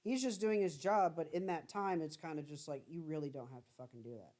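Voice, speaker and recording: A man's voice: fairly high pitch, a little fast, darkish tone. A young man co-hosting a casual podcast, talking earnestly and repeating himself as he thinks aloud. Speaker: podcast co-host.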